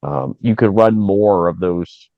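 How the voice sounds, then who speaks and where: A man with a very low voice calmly walks through a basketball lineup like a coach. His sound is dry and a little dull, with no room around it. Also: no room sound. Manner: measured, matter-of-fact analysis. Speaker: co-host, coach. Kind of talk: casual sports analysis.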